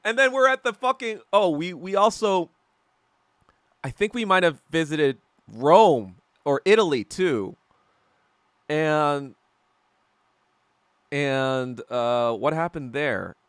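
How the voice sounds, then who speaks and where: A young podcast host chats casually on a livestream while eating, telling rambling stories, laughing often and swearing plenty. His fairly high voice has lively intonation and a slightly bright, clean tone; he takes it slowly and pauses often, with no room sound.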